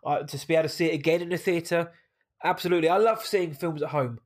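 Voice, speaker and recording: A man's voice: a little high, fast. A British man co-hosting a casual movie podcast, a bit nasal from hay fever, chatty and enthusiastic. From Britain. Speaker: podcast co-host.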